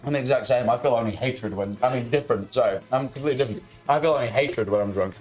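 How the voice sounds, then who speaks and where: A young man chatting casually as a podcast co-host, telling stories animatedly and getting loud. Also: mid-range voice, very fast, soft background music. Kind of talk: casual storytelling chat. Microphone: streaming microphone.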